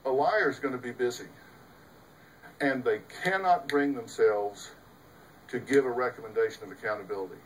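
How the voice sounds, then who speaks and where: A man's voice: mid-range voice, expressive, normal speed, far from the mic, a little hiss or hum, rough recording. A middle-aged man, a host and psychologist, giving an emphatic, folksy talk to an audience, full of rhetorical questions. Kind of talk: lecture to a live audience.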